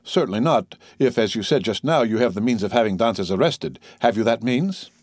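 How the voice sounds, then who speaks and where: A man's voice: on the low side, animated, brisk, a little mellow, no room sound, studio quality. A man voicing a jealous, hot-headed young male fisherman who speaks with impatient intensity, in a storybook reading. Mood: intense.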